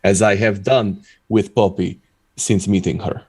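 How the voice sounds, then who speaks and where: A man's voice: lowish voice, steady tone, measured pace, a little mellow, slightly rough. Man voicing a stiff, earnest stone-born cleric. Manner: stiff, formal speech with slightly broken grammar. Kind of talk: tabletop role-play in character.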